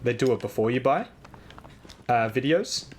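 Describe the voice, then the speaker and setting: A man chatting on a live game stream, rambling aloud and getting excitable. His voice sits at an ordinary middle pitch. A faint hiss of background noise runs under the talk. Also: normal speed. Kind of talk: casual live gameplay chat with viewers.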